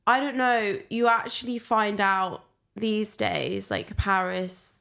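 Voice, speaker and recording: A woman's voice: mid-range voice, fairly even intonation, slow pace, creaky, fairly bright tone. A young adult woman talking as a podcast guest, giggly, scattered and self-deprecating in casual chat.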